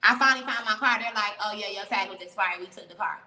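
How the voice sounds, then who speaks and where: A woman telling a story as an interview guest, animated and profane, laughing often. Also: mid-range voice, fast, roomy sound, big-room sound, rough recording. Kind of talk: casual storytelling.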